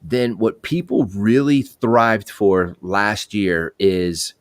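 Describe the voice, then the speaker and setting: A man's voice: on the low side, lively intonation, slow pace, no echo, studio quality. A man hosting a casual talk, encouraging his guest and often repeating himself. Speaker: podcast host. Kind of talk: casual chat.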